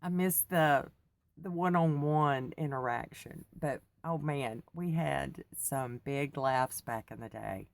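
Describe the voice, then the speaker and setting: Slow, very low-voiced woman. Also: vocal fry, no room sound. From United States. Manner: rambling, chatty, laughs often. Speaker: vlogger. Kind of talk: casual chat to camera.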